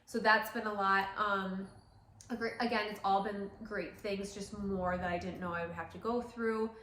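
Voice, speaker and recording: A woman's voice: mid-range voice, fairly even intonation, moderate pace, pushed and bright. Woman vlogging, chatty, full of fillers, tearing up, roomy echoey salon, faint background hum. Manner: chatty, many fillers, tearful and emotional. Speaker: salon owner. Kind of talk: casual vlog chat to camera. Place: salon interior. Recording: roomy echo.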